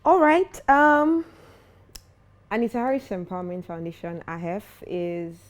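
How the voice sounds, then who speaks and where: In an interview, a young adult woman, founder of a foundation, speaks earnestly and confidently in a medium-pitched voice at a moderate pace. Her stories bring out a more animated side.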